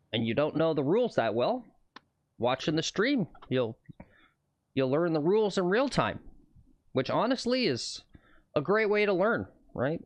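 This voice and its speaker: A man's voice: fairly high pitch, dry recording. Man, golf livestream host, casual rambling commentary, dry close mic, outdoors on a course. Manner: chatty, rambling, greets chat viewers by name.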